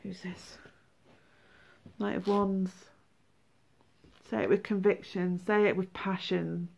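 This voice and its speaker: A woman giving a tarot reading, animated, exclaiming and acting out feelings. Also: mid-range voice, slow pace, vocal fry. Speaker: tarot reader.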